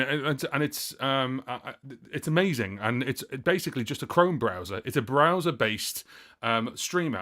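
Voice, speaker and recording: A man's voice: medium pitch, fairly bright tone. Chatty man hosting a music livestream. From United Kingdom. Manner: chatty and rambling, many fillers and self-corrections. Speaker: livestream host and looping musician. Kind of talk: casual livestream chat answering viewer questions.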